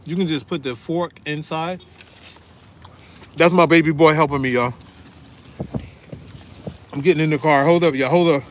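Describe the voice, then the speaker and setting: High-voiced chatty man. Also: steady tone, normal speed, pauses often. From Newark, New Jersey. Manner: chatty, talks straight to viewers, talks while chewing. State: slightly sniffly. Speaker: vlogger. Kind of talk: casual food vlog. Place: outdoors in a windy parking lot. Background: faint wind noise.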